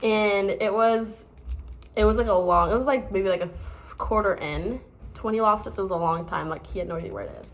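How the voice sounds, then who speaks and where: A woman's voice: medium pitch, a little fast. Chatty young American woman telling stories. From United States. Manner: chatty, lots of fillers and restarts. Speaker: vlogger. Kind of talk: casual storytelling to camera.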